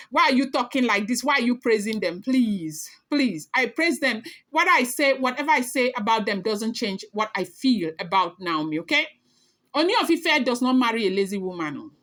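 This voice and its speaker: A woman's voice: a little high, fairly bright tone. A woman talking casually as a celebrity gossip blogger, chatty and emphatic, speaking straight to her viewers.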